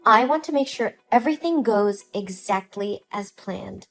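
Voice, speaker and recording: A woman voicing a spiteful young sister-in-law who talks in a sharp, scornful, accusing way in a dramatized story. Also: mid-range voice, lively intonation, a little slow, vocal fry, soft background music. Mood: dismissive.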